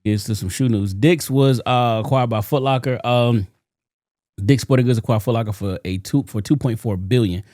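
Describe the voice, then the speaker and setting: A laid-back man co-hosts a casual podcast, running through news items in a relaxed, unhurried way. His voice sits at an ordinary middle pitch. The sound is dry and close. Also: no room sound. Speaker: podcast co-host.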